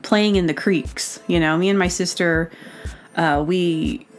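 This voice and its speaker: A woman's voice: fairly low pitch, fairly even intonation, a little slow, soft background music. A woman from Arkansas hosting a podcast, talking in a chatty, rambling way with frequent laughs. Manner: chatty, digressive, laughs often. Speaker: podcast host; baker. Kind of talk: casual rambling monologue.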